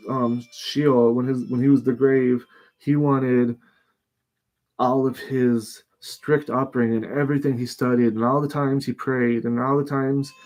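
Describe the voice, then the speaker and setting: A man's voice: medium pitch, vocal fry, a little mellow. A man giving informal bible teaching in a rambling way, with many restarts and acted-out quotes.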